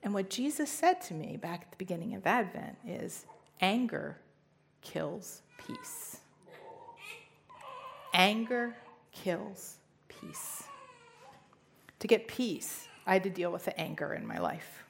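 Gravelly-voiced woman sharing a testimony. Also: mid-range voice, huge pitch swings, moderate pace, slight background noise. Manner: earnest storytelling with emphatic rises. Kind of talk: personal testimony talk.

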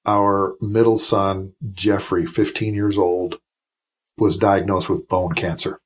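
A retired officer in his fifties tells long stories as a podcast guest, wandering through asides and restarts and turning emotional. His voice sits low. It has a husky, slightly rough grain. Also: little pitch movement, slow, low-quality recording. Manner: rambling, emotional anecdotes with many restarts. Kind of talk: storytelling in a casual interview.

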